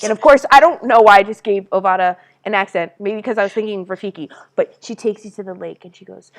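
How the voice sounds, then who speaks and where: A woman co-hosting a casual stream brainstorms in an animated, rambling fashion, dropping swear words and bursting into laughter. She speaks at a medium pitch, fast and with hardly any pauses, and her delivery is loose and unscripted.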